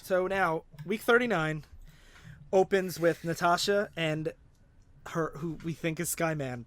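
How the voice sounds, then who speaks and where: A man co-hosting a podcast, casually retelling a comic book issue and quoting lines in a relaxed voice. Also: on the high side, a little slow. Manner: retells scenes and acts out quotes. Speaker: podcast co-host.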